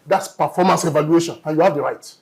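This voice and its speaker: A man's voice: on the high side, fast, creaky. A man with a Nigerian accent debating as a studio guest, emphatic and lecturing, often asking "you understand?". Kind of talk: panel debate.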